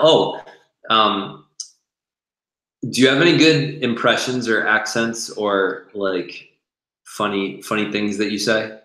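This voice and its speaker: A man's voice: lowish voice, slow, sharp tone. A man hosting a casual chat over a video call, enthusiastic and informal. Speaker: YouTube host. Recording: echoey room.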